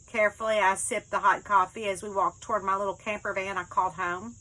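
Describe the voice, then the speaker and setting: A woman author narrating her own novel in the first person, with lively, expressive storytelling. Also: mid-range voice, quick pace, hardly any pauses, poor audio. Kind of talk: first-person book reading.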